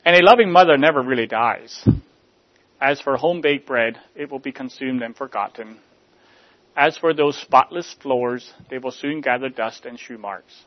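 A man delivering a sermon in a measured, rhetorical way, letting line endings fall soft. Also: mid-range voice, dull audio. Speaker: preacher.

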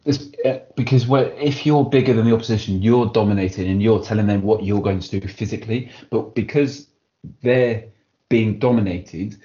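A man's voice: on the low side, normal speed. A man co-hosting a casual chat and getting passionate and fired up as he talks. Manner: passionate, builds up excitedly. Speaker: podcast co-host. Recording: dull lo-fi audio.

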